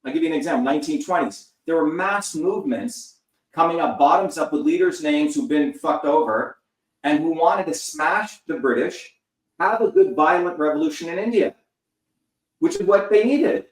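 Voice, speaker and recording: A man's voice: on the high side, lively intonation, moderate pace. Man in his fifties, interview guest, fiery and profane, lectures hard; echoey room, heard from a distance. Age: 50s. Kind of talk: heated interview talk. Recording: roomy sound, distant from the mic.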